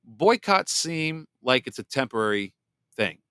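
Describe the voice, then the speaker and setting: A man hosting a political commentary podcast, blunt and sarcastic, reading viewer comments aloud and sometimes mocking others in a shrill put-on voice. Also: big pitch swings, a little slow, bright, forceful tone, clear, resonant tone, no room sound, clean studio sound. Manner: blunt and sarcastic, mocks voices in exaggerated falsetto. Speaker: podcast host.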